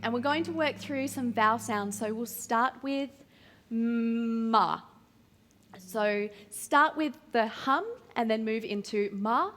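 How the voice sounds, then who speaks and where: An Australian woman with a fairly high voice runs a drama class voice warm-up. She talks at an unhurried pace, encouraging the group and showing each exercise as she goes. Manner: encouraging, upbeat, demonstrating exercises. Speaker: drama workshop facilitator. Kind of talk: guiding a voice warm-up.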